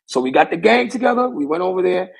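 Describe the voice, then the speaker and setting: A man's voice: sits high, very animated, fast, vocal fry, breathy edge, low-quality recording. A young man, a pro wrestler guest, telling a rambling story in casual talk and circling back with the same stock phrase.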